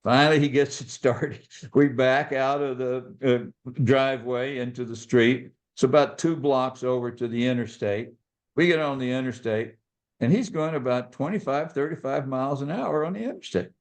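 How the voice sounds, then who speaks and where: A man's voice: medium pitch, normal speed. Man telling a story. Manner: animated storyteller, acts out voices. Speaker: podcast guest, author.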